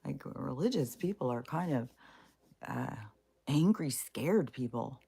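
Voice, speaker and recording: A woman's voice: rumbling low, animated, unhurried, gravelly, warm tone, breathy edge. A woman vlogging in casual, rambling talk, blunt and profane, with many fillers and restarts. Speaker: spiritual vlogger.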